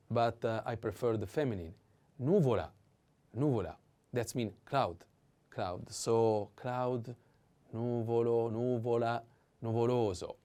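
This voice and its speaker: A man's voice: medium pitch, mellow. A man with an Italian accent teaching a language lesson, patiently repeating words with careful stress.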